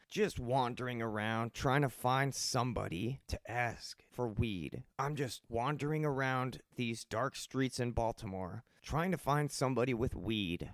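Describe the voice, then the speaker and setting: A man's voice: medium pitch, no echo, clean studio sound. A man in his thirties hosting a personal storytelling podcast, talking casually with rambling, profane asides. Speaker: podcast host.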